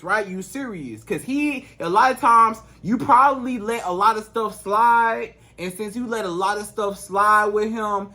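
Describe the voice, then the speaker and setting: A man's voice: sits high, pushed and bright. A man speaking as a dating coach, giving emphatic, repetitive advice straight to camera in casual slangy speech. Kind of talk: direct-to-camera advice monologue.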